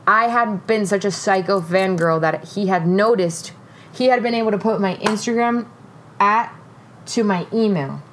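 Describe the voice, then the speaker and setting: Young woman, podcast co-host, lively storytelling, loud laughs, frequent swearing, faint noise behind. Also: mid-range voice, moderate pace. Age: young adult. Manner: animated storytelling, swears often, laughs a lot. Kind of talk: casual podcast chat.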